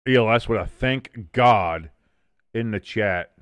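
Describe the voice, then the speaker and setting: A man hosting a live watch-along stream, calling plays casually, reading out chat and cracking jokes with loud excited bursts and swearing. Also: on the low side, slow, no room sound. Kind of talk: casual play-by-play commentary.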